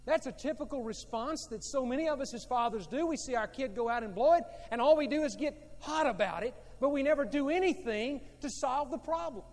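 A male pastor delivers a sermon in a high voice. He is emphatic and repeats his points, moving between loud and quiet. The long reverb of a large church hall trails every phrase. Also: animated, brisk, few pauses. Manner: emphatic and repetitive, swinging between loud and hushed.

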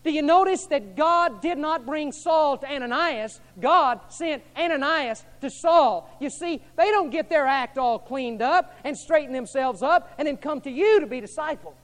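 A man preaching a sermon as pastor, swinging from hushed to loud and repeating his questions to the congregation. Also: very high-pitched, animated, normal speed, hardly any pauses.

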